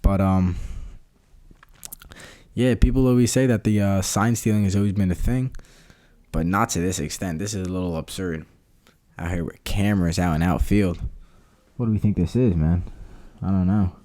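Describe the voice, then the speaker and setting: A young man chatting on his own podcast in a loose, rambling way, full of slang and filler phrases. His voice sits on the low side and sounds mellow and relaxed rather than bright. It is a casual, unscripted solo talk. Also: moderate pace, long pauses. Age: young adult. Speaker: podcast host.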